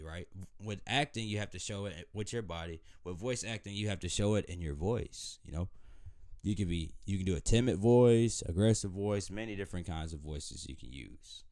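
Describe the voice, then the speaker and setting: A young man talking casually and at length in a meandering, conversational monologue. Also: low-pitched. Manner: meandering, loose and conversational, with many restarts. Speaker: vlogger.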